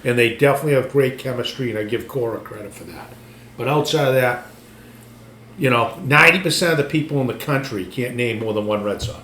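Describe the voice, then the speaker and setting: A man's voice: mid-range voice, brisk, fairly bright tone. A man, co-hosting a casual sports podcast, emphatic and ranting, often restarting his sentences. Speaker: podcast co-host. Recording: echoey room with faint ambient noise.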